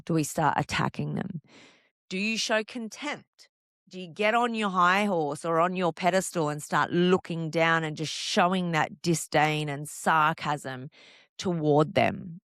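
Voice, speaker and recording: A woman hosting a podcast on couples' relationships, calmly explaining and asking the listener one rhetorical question after another. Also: low-pitched, dry recording, studio quality. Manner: calm, explanatory, reassuring. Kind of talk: solo podcast monologue.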